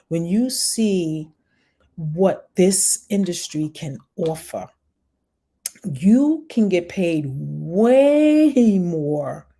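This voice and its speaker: An online business coach with a New York accent, a woman with a lowish, dark-toned voice, gives viewers on a live stream chatty, encouraging advice. She talks fast and keeps things upbeat.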